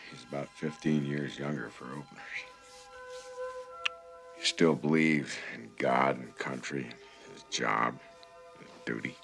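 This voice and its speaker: An actor playing an older, cynical border patrol agent who talks in a dry, understated way in a film. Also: male voice, extremely low pitch, fairly even intonation, unhurried, creaky, long pauses, music in the background, heavily acted. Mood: reflective. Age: middle-aged. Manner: world-weary, dry and understated. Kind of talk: film dialogue.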